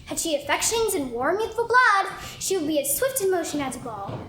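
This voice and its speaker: A woman's voice: very high voice, very animated, a little fast, bright, forceful tone, exaggerated voice. A woman acting an impatient young girl in love in a live stage play. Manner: impatient, pleading. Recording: echoey hall, noisy audience recording.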